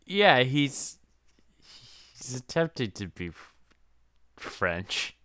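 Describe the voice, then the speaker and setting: Slow, bright-voiced joking man. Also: mid-range voice, expressive, clear, resonant tone, no echo, studio quality. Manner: jokey, laughs often. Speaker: podcast co-host. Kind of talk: casual chat.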